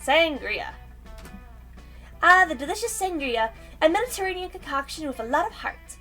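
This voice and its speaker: Brief: woman playing a showy male cat barkeep for a game read, squeaky and high, swooping all over. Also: sing-song, normal speed, fairly bright tone, soft background music. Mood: playful. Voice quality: high-pitched put-on voice. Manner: theatrical, teasing. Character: male magical cat bartender, flamboyant. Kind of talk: reading a visual novel aloud.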